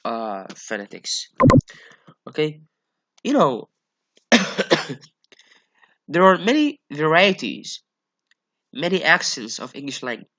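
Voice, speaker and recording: Slow, hesitant male phonetics lecturer. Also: fairly high pitch, pushed and bright, highs cut off. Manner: slow, hesitant, many fillers and repeated okays. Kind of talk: classroom lecture.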